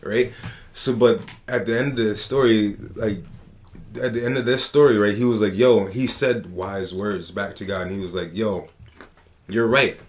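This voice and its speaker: A man hosting a casual podcast who tells stories in an animated, slangy way, with lots of profanity. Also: fairly low pitch, normal speed. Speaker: podcast host.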